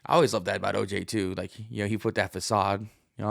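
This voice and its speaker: A man in his thirties hosts a podcast, talking in a loose, profane, joking ramble. His low voice has a gravelly rasp. The sound is close and dry. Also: level tone, fast, dry recording. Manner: profane, jokey, puts on high voices to act out stories. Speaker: podcast host. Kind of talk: rambling casual monologue.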